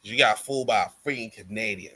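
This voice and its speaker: A man on a wrestling podcast tells the story of a show, loose and full of slang. His voice is bright and forward. He keeps slipping into the wrestlers' lines as he goes. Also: fairly low pitch, fast talker. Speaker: podcast co-host. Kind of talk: casual wrestling recap chat.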